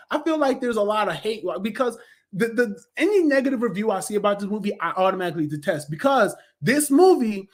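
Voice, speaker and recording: A man in his thirties giving a casual, animated movie review, full of slang, fillers and mocking impressions of critics. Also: high-pitched, a little fast.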